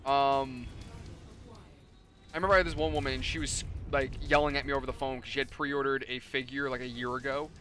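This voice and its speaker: A man's voice: mid-range voice, flat delivery, brisk, a bit bright, slight background noise. A man with a New York accent chatting casually during a game stream, telling rambling stories and swearing freely. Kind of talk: casual gaming chat.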